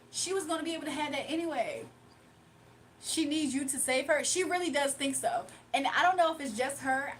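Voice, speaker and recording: A high-voiced woman, sitting far from the mic, chats loosely and animatedly on a livestream. She drawls her slang-heavy words, mocks people and frequently bursts out laughing, with faint noise in the background.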